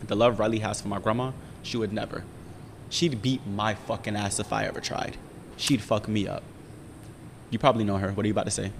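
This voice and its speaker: A young man telling a long personal story in casual chat, profane and animated, often checking in with his listener. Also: lowish voice, a little fast, creaky, in a large hall, a little hiss or hum. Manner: profane, animated storytelling with frequent "you feel me". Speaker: podcast storyteller.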